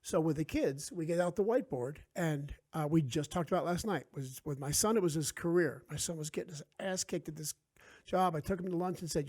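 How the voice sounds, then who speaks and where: A man's voice: fairly high pitch, fairly quick. A middle-aged man from New Jersey, a podcast guest telling stories in casual chat and acting out the voices he quotes. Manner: animated, acts out quoted voices.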